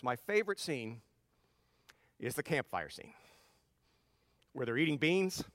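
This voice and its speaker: A middle-aged man talks to his audience in a relaxed, advice-giving way, often restarting his sentences as he tells stories. His voice sits high and swings widely in pitch. It has a bright edge and sounds close and dry. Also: no echo. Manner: animated storyteller with frequent restarts. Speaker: speaker addressing his audience. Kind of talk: casual advice talk with personal stories.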